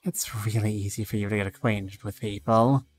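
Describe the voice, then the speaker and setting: A male streamer reading both sides of a game's dialogue aloud, with some lively rises. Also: lowish voice, moderate pace, soft background music.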